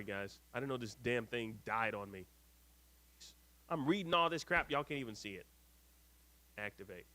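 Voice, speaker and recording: A man hosting a live stream, reading viewer comments aloud with lively ups and downs and grumbling when his screen freezes. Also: medium pitch. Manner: exasperated, grumbling at tech trouble. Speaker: host.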